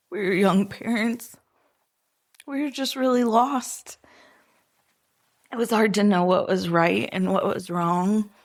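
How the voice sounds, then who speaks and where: A woman guest on a podcast, telling family stories in an unhurried, gentle way with soft laughter between thoughts. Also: mid-range voice. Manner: unhurried, often laughing softly while remembering. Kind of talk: casual interview storytelling.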